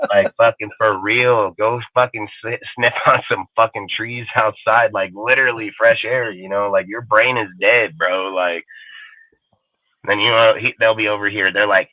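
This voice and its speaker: A man hosting a sports talk show in a casual, animated, rambling rant full of swearing. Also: lowish voice, moderate pace, dry recording. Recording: tinny phone-like line, dry.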